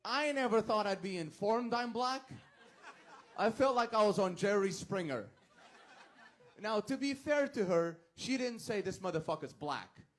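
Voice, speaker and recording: A man from Portugal doing standup in a high voice. His delivery is dry and hesitant, and he stammers a little as he pokes fun at himself. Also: a little slow. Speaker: standup comedian. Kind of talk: standup storytelling. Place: comedy club stage.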